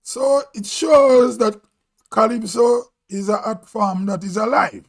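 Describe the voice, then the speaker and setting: A man's voice: sits high, gravelly. A man from Grenada with a Grenadian accent, talking casually on a live stream and musing aloud as he goes. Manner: slow, musing, thinking aloud. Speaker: vlog host.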